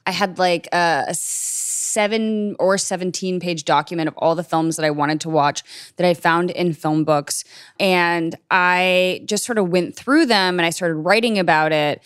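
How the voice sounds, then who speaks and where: Low-voiced woman filmmaker, chatty and animated, smooth clear sound. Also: unhurried, dry recording, studio quality. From Minnesota, raised in New Jersey and New York. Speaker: guest, documentary filmmaker. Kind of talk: casual interview conversation.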